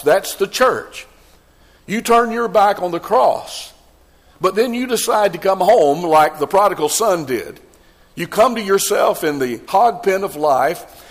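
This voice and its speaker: A male pastor delivers a sermon in an earnest preaching manner, stumbling over restarts before pressing his point with growing emphasis. His voice sits a little higher than most men's. A long reverb trails behind each phrase, as in a church sanctuary.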